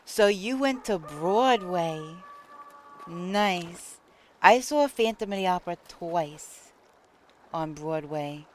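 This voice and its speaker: Long island lady chatting with her stream, unhurried, new york accent, lots of laughs. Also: on the low side, lively intonation, a little hiss or hum. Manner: chatty, laughs often, answers chat. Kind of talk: casual live-stream chat with viewers.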